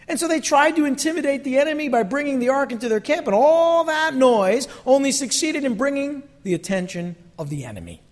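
A pastor delivers his sermon in a high voice that leaps up and down as he acts out the people he talks about. Now and then he sinks to an almost whispered hush. The sound rings with the long reverb of a hall. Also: a little fast, few pauses. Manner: animated preaching, acts out voices, drops to near whisper.

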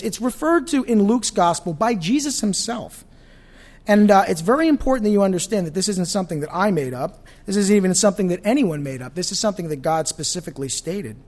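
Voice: mid-range voice, big pitch swings, fairly quick, darkish tone. A pastor teaching an evening Bible study in a conversational way, often asking the audience questions.

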